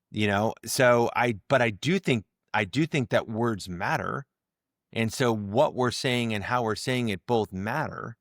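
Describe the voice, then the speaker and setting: A man guest on a podcast, talking in a casual interview, animated and full of restarts and repeated words as he acts out tones to make his point. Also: lowish voice, no echo, clean studio sound. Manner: animated, explains through examples and acted-out tones. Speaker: guest, leadership communication coach.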